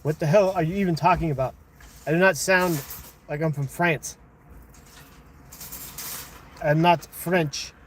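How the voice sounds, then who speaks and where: Fairly high-voiced man chatting with viewers. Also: unhurried, long pauses, slight background noise. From United States. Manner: conversational, argumentative with chat, thinking aloud. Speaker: livestream host. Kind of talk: casual livestream chat reading viewer comments.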